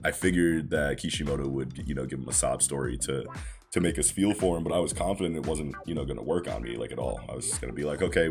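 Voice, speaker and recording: A man casually chatting about manga on a podcast, laid-back and full of fillers and swearing. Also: very deep voice.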